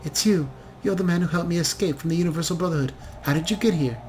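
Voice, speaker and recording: A man's voice: fairly high pitch, fast talker, darkish tone, soft background music, voice pushed up, natural voice. A man doing a haunted young elf woman. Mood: startled. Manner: anxious, pleading, bursts of accusation.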